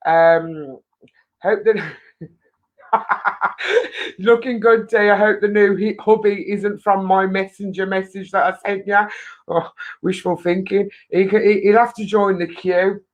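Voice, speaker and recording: A woman hosting a casual live stream at a middle pitch. She chats to viewers in a rambling, friendly way and laughs often. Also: takes it slowly, pauses often, muffled recording.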